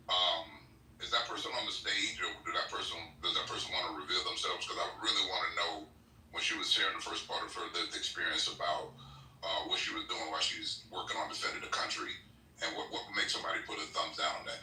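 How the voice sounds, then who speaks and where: A man's voice: deep voice, pushed and bright, slight background noise. A man hosting a casual chat, earnest and asking pointed questions. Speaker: host. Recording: roomy and distant.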